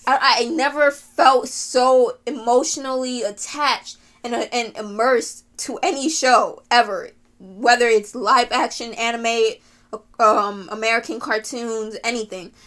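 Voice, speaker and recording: A woman's voice: on the high side, fairly even intonation, a little slow, fairly bright tone. A woman giving a rambling, gushing anime rant, with frequent sighs, laughs and fillers. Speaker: anime video creator.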